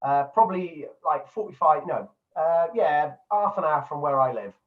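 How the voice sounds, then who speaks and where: A man's voice: fairly high pitch, normal speed, far from the mic, phone-quality sound. A man who works as a DJ, telling stories in casual chat, swearing freely and speaking with lots of animation.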